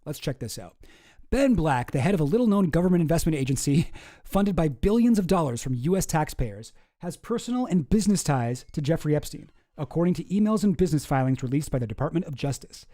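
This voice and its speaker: A man with a slightly high but mellow voice reads news aloud and keeps stopping to riff on it. His asides are sarcastic, with little mock voices and stumbling restarts. The sound is dry and close, with no room around it. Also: animated, a little fast, no room sound. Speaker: political commentary streamer. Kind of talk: casual reading and commenting on news.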